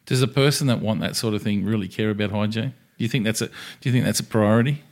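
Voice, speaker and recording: A man's voice: lowish voice, quick pace. A man co-hosting a podcast, chatting casually in a rambling, jokey way. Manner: rambling, jokey, trails off and restarts. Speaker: podcast co-host. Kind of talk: casual chat.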